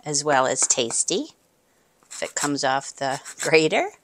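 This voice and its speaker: Woman cooking-channel host, slightly low voice, casual kitchen demo, friendly, talks to camera, murmurs "mm" while tasting. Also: sing-song, a little slow, fairly bright tone, a little hiss or hum. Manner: chatty, talks straight to viewers; savoring, with appreciative murmurs.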